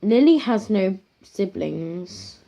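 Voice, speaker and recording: A woman's voice: mid-range voice, lively intonation, takes it slowly, creaky, mellow. A woman improvising a spooky story in a rambling, casual way, full of fillers and restarts, on a dull lo-fi home recording.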